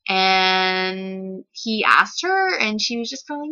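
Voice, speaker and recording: In a slightly dull lo-fi recording, a woman vlogger rambles through a story with casual indignation, packing it with "like". She speaks slowly but animatedly, her medium-pitched voice pushed and bright.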